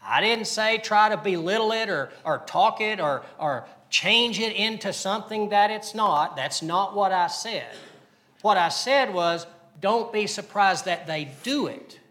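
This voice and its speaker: A man delivering a sermon in a high, ringing voice. He speaks with earnest conviction, repeats his points and puts questions to the congregation. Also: animated, unhurried, pushed and bright. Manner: earnest preaching with rhetorical questions and repetition. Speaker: pastor.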